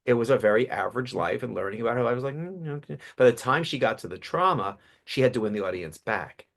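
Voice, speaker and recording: Guesting on a podcast interview, a male public speaking coach tells lively stories with quick restarts. His voice is mid-range and gravelly.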